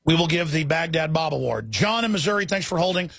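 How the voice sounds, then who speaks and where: A man hosting a radio talk show, ranting in a fiery, mocking way with quick tangents. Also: a little high, animated, gravelly, a bit bright.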